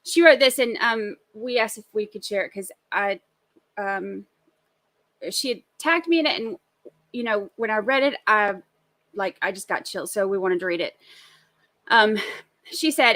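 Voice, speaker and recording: A woman's voice: medium pitch, lively intonation, a little slow, long pauses, sharp tone, no room sound. A middle-aged woman, co-hosting a casual live recap show, chatty and emphatic. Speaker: co-host of a trial recap show. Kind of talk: casual live-stream chat.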